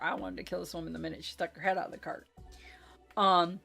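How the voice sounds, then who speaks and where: A woman's voice: fairly low pitch, flat delivery, fast, gravelly, pushed and bright, slightly rough, faint music behind. Chatty woman gushing over a game recap. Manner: chatty, filler-heavy with frequent "like" and "um". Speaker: game master. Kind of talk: casual recap of a tabletop game session.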